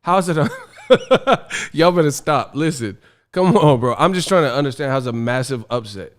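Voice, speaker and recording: A man's voice: a little high, lively intonation, normal speed. Exasperated man ranting on a stream. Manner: exasperated, slangy, laughing often. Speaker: boxing stream host. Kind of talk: casual livestream rant.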